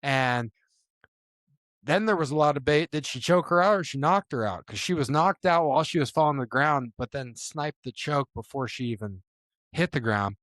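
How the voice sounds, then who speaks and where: A young man co-hosting a sports podcast, telling stories in loose, animated chat with laughs and swearing. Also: medium pitch, normal speed, no room sound, clean studio sound. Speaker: podcast co-host.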